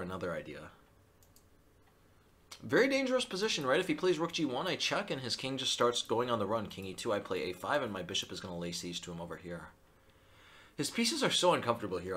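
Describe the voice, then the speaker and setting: A male chess streamer thinking aloud through his live game, excitable and self-mocking. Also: on the low side.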